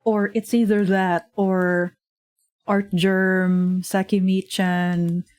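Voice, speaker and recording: A woman's voice: medium pitch, level tone, extremely slow, a little mellow, dry recording. A woman streamer chatting casually while she draws, rambling and full of fillers, laughing often, at a desk microphone in her home. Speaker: streamer and digital artist. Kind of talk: casual livestream chat while drawing.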